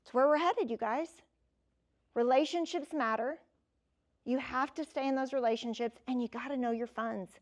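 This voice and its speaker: A keynote speaker in her fifties gives a motivational talk, sharing personal stories in a lively, conversational style and addressing the audience directly. Her voice sits high and she speaks at a moderate pace.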